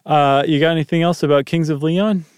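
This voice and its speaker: A podcast co-host chats casually in a fairly high, slightly mellow voice with a clear, resonant tone. His intonation is fairly even and his pace a little fast as he rambles with fillers and jokey asides. The sound is studio quality with no echo.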